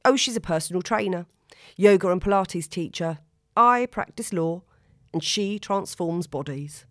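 A woman's voice: fairly low pitch, unhurried, dry recording, studio quality, lightly acted. A woman reading aloud and voicing a confident, frank female lawyer. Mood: breezy. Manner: relaxed, frank.

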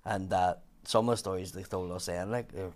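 A man's voice: deep voice, steady tone, a little fast, a little mellow. A man with a Belfast accent telling sweary, laughing anecdotes in a casual podcast chat. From Northern Ireland.

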